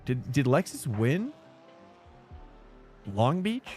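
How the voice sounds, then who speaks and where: A loose, chatty man streaming his sim racing and talking to chat. His pitch jumps around a lot as he rambles. Faint music plays behind him. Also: very animated, slow, darkish tone. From United States. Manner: loose and chatty, says dude and bro a lot. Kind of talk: casual live-stream chat.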